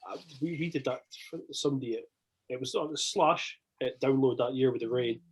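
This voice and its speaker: A man with a Scottish accent, swearing freely as he tells animated anecdotes in a casual podcast chat. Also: mid-range voice, a little fast, background noise.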